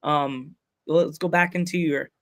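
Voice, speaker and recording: Gravelly rambling man hosting a podcast. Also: a little high, steady tone, unhurried. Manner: rambling, jokey storytelling. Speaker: podcast host. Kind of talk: casual chat.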